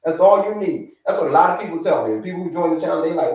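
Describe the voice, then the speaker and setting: A man hosting a live health stream, talking with viewers in an energetic, repetitive way and giving them shout-outs. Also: fairly high pitch, fast talker, hardly any pauses, recorded from a distance. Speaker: livestream host, health coach. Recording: echoey room, away from the mic.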